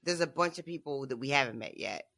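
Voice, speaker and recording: Bright-voiced, animated podcast co-host. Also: mid-range voice, fast, creaky. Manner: animated, laughs often, many fillers like "like". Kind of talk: casual book discussion chat.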